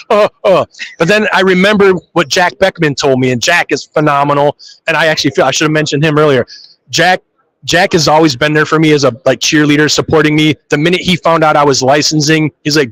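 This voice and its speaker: A man's voice: on the high side, steady tone, fairly quick, fairly bright tone, low-quality recording. A man who drives funny cars, telling stories in a live interview and acting out his own reactions. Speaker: funny car drag racer. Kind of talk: live trade show interview.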